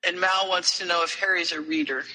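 A man's voice: sits high, brisk, big-room sound, low-quality recording. A man co-hosting a podcast, recapping a story in casual chat and animatedly acting out the characters' lines. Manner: animated retelling with quoted voices. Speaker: podcast co-host.

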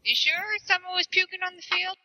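A woman on an online call chatting casually, distracted and tossing off quick asides. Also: very high voice, vocal fry, pushed and bright. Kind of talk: casual chat.

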